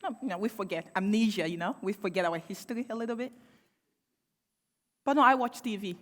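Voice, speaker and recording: A young woman delivers a public speech in an impassioned, pointed way. She leans on rhetorical questions and dry sarcasm. Her medium-pitched voice carries long reverb from a large hall. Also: a little fast. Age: young adult. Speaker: panel speaker.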